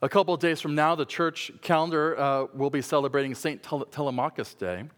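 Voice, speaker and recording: A man preaching a sermon, telling a story that swings from loud shouts to hushed, quiet passages. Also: fairly high pitch, brisk. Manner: storytelling, rising to shouts and dropping to hushed tones. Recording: long hall reverb.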